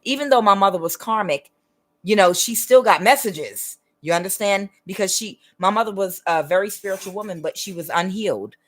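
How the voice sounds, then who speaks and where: A woman's voice: mid-range voice, fairly quick, a bit bright. A woman hosting her own spiritual channel, talking earnestly and emphatically in a casual monologue. She keeps checking that the listener understands. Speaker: tarot reader and spiritual channel host.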